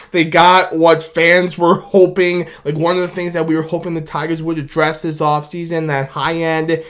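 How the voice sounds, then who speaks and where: A man's voice: on the high side, a bit bright, a little hiss or hum. A man talks straight to camera in an instant-reaction vlog. He rambles, repeats himself and laughs often as he gushes about his team. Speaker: sports fan YouTuber.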